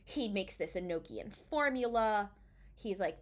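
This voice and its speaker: A woman podcaster in an excited recap, jumping into quick bits of the characters' dialogue as she goes. She talks in a loose, chatty way and swears freely, at an ordinary middle pitch. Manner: animated retelling, acting out lines in quick snatches, swears freely. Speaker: podcast co-host. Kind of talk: casual episode recap.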